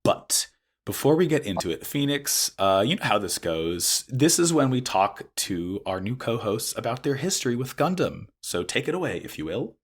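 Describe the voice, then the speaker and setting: A young man with a hoarse, worn-down voice hosts a casual podcast chat. He talks with eager, animated excitement at an ordinary middle pitch. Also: moderate pace. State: hoarse, recovering from illness. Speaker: podcast host.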